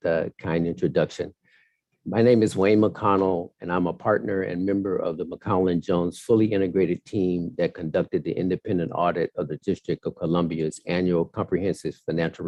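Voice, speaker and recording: A man, a partner at an audit firm, giving a measured, formal presentation of audit results at a council hearing over a video call. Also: low-pitched, dark tone, no echo, dull audio. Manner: measured, formal, with some fillers.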